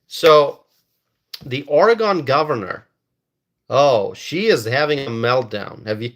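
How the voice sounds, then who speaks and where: A man's voice: mid-range voice, expressive, takes it slowly, fairly bright tone. Emphatic man doing live commentary. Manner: repetitive, emphatic, stalls and restarts words. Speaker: political commentator reading viewer comments.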